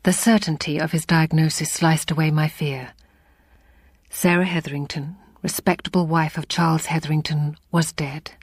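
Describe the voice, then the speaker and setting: A woman giving a dramatic first-person story reading in a hushed, half-whispered delivery. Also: sits low, fairly even intonation, moderate pace, slightly rough, no room sound, studio quality. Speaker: audiobook reader.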